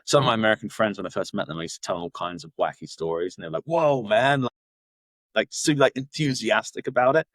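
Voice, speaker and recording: A man's voice: fairly low pitch, expressive, rapid-fire, few pauses, a bit bright, no room sound. A man from Cornwall, chatting loosely as a podcast guest, full of fillers and restarts. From Cornwall, England. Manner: rambling, many fillers and restarts. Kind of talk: casual interview chat.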